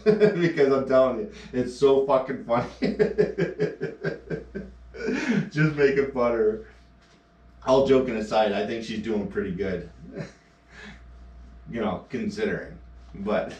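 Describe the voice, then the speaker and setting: A man chatting on a live stream, laughing through his teasing stories and swearing freely. His voice sits at an ordinary pitch but comes from well away from the camera mic, with a roomy echo around it. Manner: laughing often, profane, teasing storyteller. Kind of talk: casual live-stream chat. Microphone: action camera mic held away. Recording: echoey, distant action camera audio.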